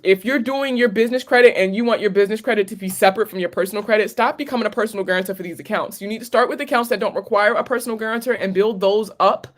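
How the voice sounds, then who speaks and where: A woman with a Maryland accent hosts a casual late-night livestream Q&A as a credit coach. She talks in a candid, chatty way, swearing freely and mixing in slang. Her voice sits at a middling pitch. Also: very fast, hardly any pauses. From Maryland, USA. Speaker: credit coach hosting a live Q&A.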